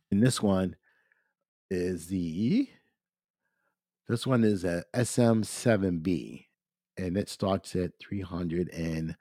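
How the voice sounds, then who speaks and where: Congested man with a low, dry voice. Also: dry recording. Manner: addresses listeners as "ladies and gentlemen". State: congested, clearing throat. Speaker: podcast host. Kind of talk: casual gear talk.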